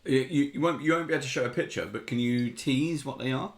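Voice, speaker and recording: Fast-talking male co-host, mid-pitched, stumbling questions. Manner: quick questions with stumbling restarts. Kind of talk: casual interview chat.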